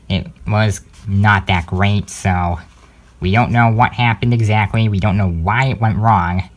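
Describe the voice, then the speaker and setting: This young man's voice is fairly low as he delivers a casual news update on his home-made channel, stumbling through many fillers and hesitant pauses.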